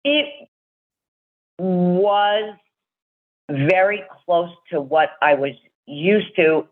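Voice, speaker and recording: A woman's voice: fairly low pitch, animated, very slow. Chatty woman telling a story over the phone. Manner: chatty storyteller, acts out quoted voices. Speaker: guest telling a fan story. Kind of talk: casual chat. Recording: tinny phone line.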